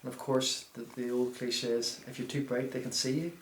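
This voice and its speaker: A man's voice: mid-range voice, level tone, brisk. A man on a ghost hunt, telling what he heard in a casual way. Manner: hushed then loud calling out. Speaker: ghost hunter. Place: dark old building at night. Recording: echoey room with noise.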